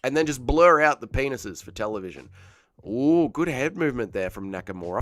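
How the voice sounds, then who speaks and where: A man's voice: medium pitch, lively intonation, fairly quick, fairly bright tone, dry recording. Aussie guy hosting a fight watch-along, crude jokes, reads chat, voice jumps all over, dry mic. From Australia. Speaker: livestream host.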